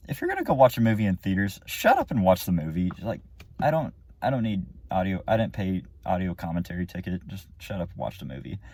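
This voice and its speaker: Low, dark-voiced man rambling a movie review. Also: wildly swooping pitch, fast. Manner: rambling, with many fillers and restarts. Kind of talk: casual spoken review. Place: car or room after the movie.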